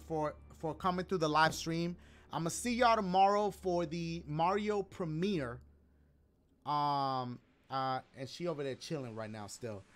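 A man with a high, bright, sharp voice chats loosely on a game livestream. He reads donations aloud, slips into slang and throws in playful jokes, with faint music playing behind him. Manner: loose slangy banter with joking asides. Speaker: gaming streamer. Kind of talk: casual livestream chat reading donations.

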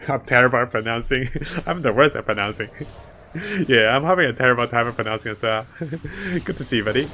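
A man's voice: mid-range voice, expressive, a little fast, sharp tone, a little hiss or hum. A man commentating his own strategy game live, chatting to viewers and laughing often. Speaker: streamer playing a strategy game.

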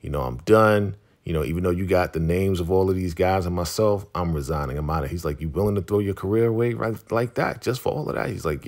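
Deep-voiced man recapping a TV episode. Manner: retells scenes by quoting characters, street slang. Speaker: recap host.

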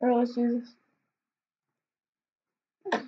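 A woman's voice: a little high, monotone, slow, muffled recording, a little hiss or hum. A woman hosting a casual reaction video, rambling with hesitant fillers and restarts.

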